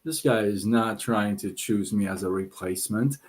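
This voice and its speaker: A man voicing a gullible male donkey who complains in a high, squealing voice. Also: moderate pace, darkish tone, natural voice. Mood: upset. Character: gullible male donkey, whiny and easily fooled.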